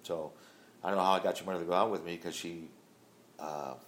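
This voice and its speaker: A man's voice: sits low, fairly even intonation, fairly quick, a little hiss or hum. A middle-aged man telling a long personal story to his grown child in a plain, rambling way full of fillers. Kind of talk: casual storytelling.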